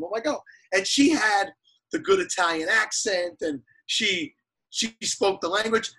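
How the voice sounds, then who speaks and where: A man's voice: sits high, a little slow, husky, rough recording. A man in his forties from New York, a guest telling a story in casual podcast chat and acting out the quotes. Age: 40s. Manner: animated storyteller, acts out quotes.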